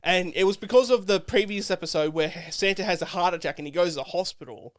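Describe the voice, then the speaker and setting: Guy rambling and swearing on a podcast, kinda high voice, clean dry mic. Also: quick pace, no echo. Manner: profane, rambling retelling with filler words. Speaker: podcast co-host. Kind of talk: casual chat.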